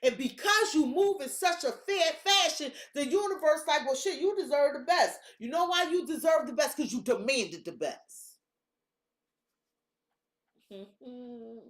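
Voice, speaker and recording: A woman tarot reader talks in a high voice that leaps up and down, hyped up, blunt and swearing freely. The sound is echoey, as if she were in a bare room. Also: animated, measured pace. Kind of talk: casual tarot reading.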